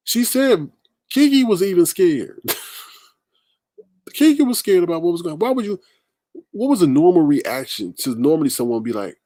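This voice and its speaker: A man hosting a livestream, commenting casually and answering chat comments with emphatic, animated talk. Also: sits high, normal speed, long pauses, no echo. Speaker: livestream host.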